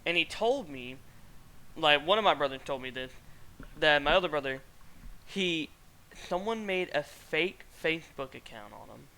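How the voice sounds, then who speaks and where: Bright-voiced young man telling a story. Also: on the high side, expressive, moderate pace. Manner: rambling, laughing storyteller. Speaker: streamer and podcast host. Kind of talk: casual chat.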